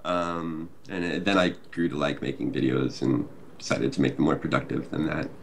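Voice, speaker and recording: A man's voice: rumbling low, steady tone, moderate pace, creaky, a little hiss or hum. A young man chatting casually as a podcast guest, laid-back and explaining things step by step. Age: young adult. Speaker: guest gamer.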